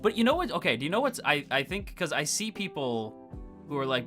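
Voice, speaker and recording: A man's voice: mid-range voice, big pitch swings, brisk, over music. A man hosting a casual streamed chat, rambling playfully with lots of fillers. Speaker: host.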